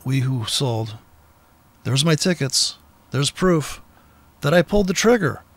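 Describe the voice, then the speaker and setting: A man's voice: medium pitch, expressive, measured pace, dry recording. A man giving blunt, profane, combative trading commentary in an unscripted rant, speaking from a car with the window down.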